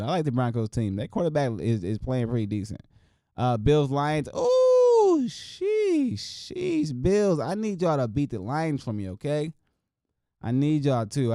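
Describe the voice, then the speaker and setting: A man's voice: mid-range voice, warm tone, clean tone, dry recording, clean studio sound. A young man hosting a sports podcast, talking casually and loosely, joking and swearing a lot as he runs through games. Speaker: podcast host.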